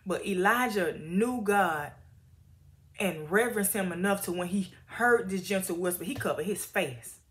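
A woman reading Bible passages aloud and commenting in a chatty, animated way. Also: mid-range voice, measured pace. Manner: animated, chatty, laughs often. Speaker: Bible story teacher.

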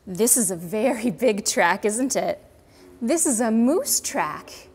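A Canadian woman, a museum educator, teaching small children and reading a storybook aloud. She speaks slowly in a sing-song way and asks the kids questions. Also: fairly high pitch, animated, a little mellow, slightly rough.

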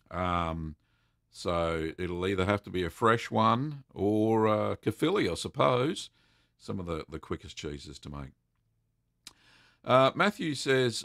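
A middle-aged Australian man hosting a casual livestream, chatty and relaxed with many ums and uhs. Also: low-pitched, creaky, dry recording, studio quality. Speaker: livestream host answering cheese-making questions.

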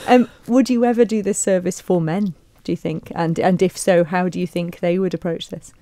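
A woman hosting a radio interview, asking questions in a gentle, friendly way. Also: on the low side, steady tone, moderate pace, no echo, clean studio sound. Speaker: radio host.

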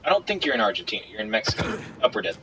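A man bantering over a video game in a bright, lively voice. He sounds distant from the mic, with faint noise in the recording. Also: fairly low pitch, very fast. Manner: teasing, dry banter. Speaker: gaming commentator. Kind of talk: let's play commentary.

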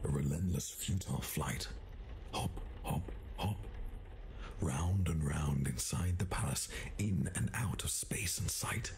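A man voicing an eerie storybook narrator for a horror game, in whispered storybook narration with a hushed, breathy tone. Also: very deep voice, slow, a little hiss or hum.

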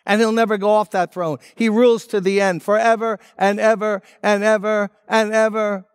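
A man preaching a sermon as pastor, emphatic, dropping to hushed tones and rising on key words. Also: high-pitched, little pitch movement, normal speed, clean tone, no echo, studio quality. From United States.

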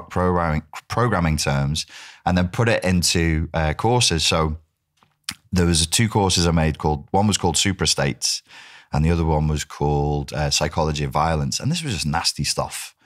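British male guest, 40s, deep register; animated, profane storyteller. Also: normal speed. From United Kingdom. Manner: animated storyteller, swears freely, acts out quotes. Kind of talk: casual interview talk.

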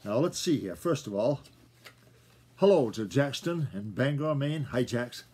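An older man reads a children's story aloud the way a grandfather would, stopping for friendly asides to his young listeners. His voice is husky and sits at an ordinary pitch. The delivery is folksy and relaxed. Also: measured pace.

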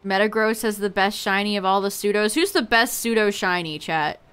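A woman's voice: medium pitch, moderate pace, fairly bright tone, smooth. A woman streaming a game and chatting casually with her viewers, laughing often. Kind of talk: casual live-stream chat.

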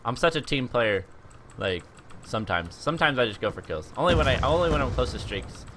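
Lively young man commentating gameplay. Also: mid-range voice, brisk, noisy background. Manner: animated, joking, exclaims at the game. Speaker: gaming video host.

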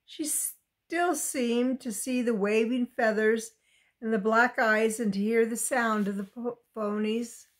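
A woman reading a children's chapter book aloud with gentle asides for young listeners. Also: a little high, fairly even intonation, takes it slowly. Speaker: reader.

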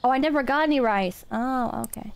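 A woman's voice: high-pitched, fairly quick, vocal fry, smooth, no echo. A woman streaming a game, chatting casually with her viewers in a chaotic, swearing, self-mocking way. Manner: chaotic, swearing, self-mocking, talking to chat while playing. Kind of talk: casual gaming stream chat.

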